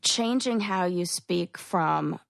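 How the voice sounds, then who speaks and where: Chatty woman podcast co-host, lowish voice. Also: takes it slowly, vocal fry, no room sound, studio quality. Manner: chatty, acts out quoted phrases. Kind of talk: casual chat.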